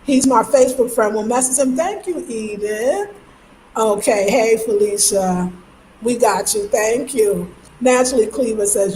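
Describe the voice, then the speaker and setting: A woman's voice: on the high side, unhurried, warm tone. A young woman with a New York accent, chatting on a casual livestream, reading comments aloud and laughing often. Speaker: livestream host. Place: home. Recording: echoey room, faint noise.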